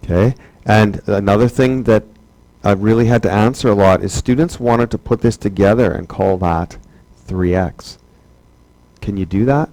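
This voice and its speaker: A man's voice: fairly low pitch, moderate pace, darkish tone, dry recording, poor audio. A man teaching a math class, chatty and joking, asking rhetorical questions over and over. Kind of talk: classroom lecture.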